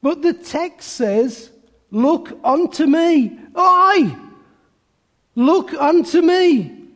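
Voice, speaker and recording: A man's voice: extremely high pitch, lively intonation, drawn-out words, fairly bright tone, voice pushed up, full character voice. Plain-talking country preacher guy, man doing the voice, earnest and folksy, big hall echo.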